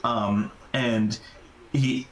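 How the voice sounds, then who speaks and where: A man's voice: mid-range voice, steady tone, extremely slow, a little hiss or hum. Man telling a wild story in an echoey room. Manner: rambling, heavy use of "like", swearing. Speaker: podcast guest, urban explorer. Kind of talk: casual storytelling.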